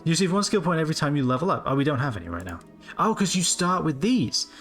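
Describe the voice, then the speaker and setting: A man's voice: a little high, very animated, fast talker, fairly bright tone, faint music behind. A man in his late twenties giving rambling, casual live commentary on a game he is streaming, swearing freely as he goes. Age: late 20s.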